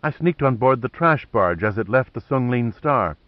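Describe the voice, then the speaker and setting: A man's voice: mid-range voice, lively intonation, moderate pace, no echo, lo-fi sound, close to an everyday voice. A man doing a tough, determined woman agent. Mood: earnest.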